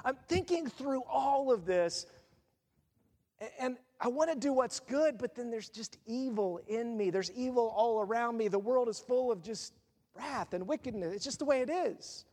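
A middle-aged man preaching a sermon as pastor, telling stories in an animated, self-mocking way. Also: extremely high pitch, normal speed. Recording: long reverb.

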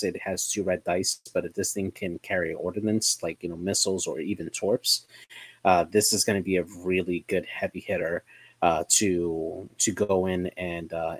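Deep husky man, dry close sound. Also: dry recording. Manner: agreeable, chimes in with quick assent. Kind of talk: casual gaming chat.

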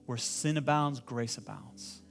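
Male pastor preaching with soft music behind. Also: medium pitch, measured pace, vocal fry. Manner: builds from calm teaching to loud impassioned pleading; asks the congregation to repeat phrases. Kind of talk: sermon. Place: church hall with congregation.

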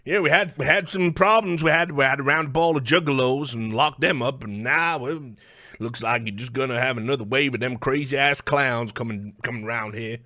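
A man putting on a gruff rural Southern man with a Southern US accent, drawling and scolding. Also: medium pitch, moderate pace, bright, forceful tone, no room sound, studio quality, lightly acted.

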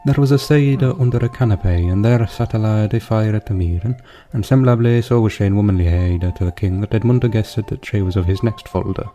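A man reads an old passage aloud in a slow, measured recitation, using a period pronunciation. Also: on the low side, warm tone.

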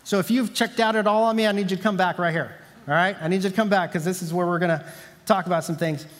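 A man's voice: high-pitched, fairly even intonation, quick pace, long reverb tail. A male pastor preaching a sermon in a conversational, storytelling way, repeating key lines for emphasis.

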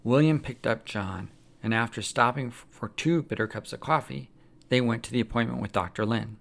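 A man narrating a religious story aloud in a plain, steady storytelling manner, with a gravelly voice. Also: medium pitch, normal speed.

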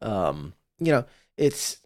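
A man with a very deep, low voice co-hosts a podcast, talking casually and swearing freely as he rambles through his points. He speaks close to a studio microphone, and the sound is dry. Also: very animated, slow pace, a little mellow, no echo. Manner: casual and profane, rambling with restarts. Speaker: podcast co-host. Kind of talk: casual chat.

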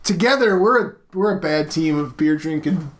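A man's voice: fairly high pitch, lively intonation, normal speed, slight background noise. A man co-hosting a casual beer-tasting chat who swears freely, jokes and reads out viewer comments. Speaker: podcast co-host.

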